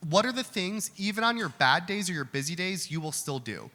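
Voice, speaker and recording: A man's voice: sits high, animated, fairly quick, bright, forceful tone. A man answering audience questions at a live event, speaking candidly and conversationally, often restarting his words. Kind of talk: live Q&A talk. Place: event hall. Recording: hall reverb with faint room noise.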